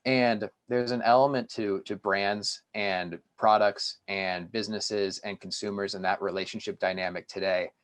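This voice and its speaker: A man's voice: fairly low pitch, fairly even intonation, normal speed, hardly any pauses. A man, a company founder, speaking as a guest on a podcast and telling stories with enthusiasm. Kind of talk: podcast interview.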